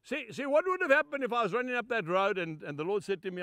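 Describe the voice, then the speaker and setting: Older man, sermon, very high voice, lively swoops, dry close sound. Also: quick pace, hardly any pauses, clear, resonant tone, dry recording. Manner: emphatic, rising to shouts then dropping low and soft; addresses listeners as "folks". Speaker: preacher.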